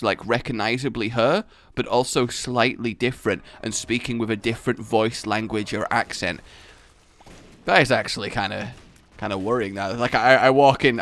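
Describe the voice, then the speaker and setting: A man's voice: mid-range voice, no echo. A young man giving exasperated, rambling let's play commentary into a close mic. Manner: animated, exasperated rambling with outbursts. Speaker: gaming YouTuber.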